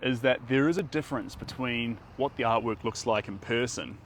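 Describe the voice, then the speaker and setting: A man's voice: mid-range voice, normal speed, a bit bright. Chatty New Zealand man painting outdoors. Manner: chatty, rambling while painting. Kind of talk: live painting stream chat. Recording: outdoor noise with passing traffic. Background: outdoor ambience and vehicles.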